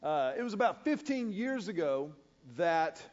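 Animated high-voiced preacher in an echoey hall. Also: male voice, a little slow. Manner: animated, acts out sound effects. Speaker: pastor. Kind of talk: storytelling sermon. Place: large church auditorium. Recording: echoey church hall, dull sound.

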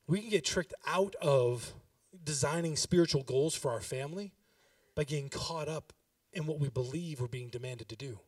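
A man's voice: a little high, moderate pace, hardly any pauses, no room sound, far from the mic. A pastor in his thirties giving a sermon, talking with the congregation and building to emphatic exhortation.

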